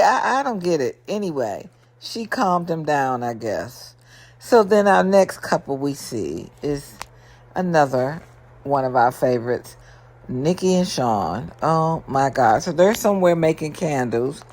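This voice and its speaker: Lower-voiced lady doing a sassy reality tv recap, animated, keeps asking what is wrong with these people. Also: slow. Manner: animated, exasperated, rhetorical questions, big pitch swings.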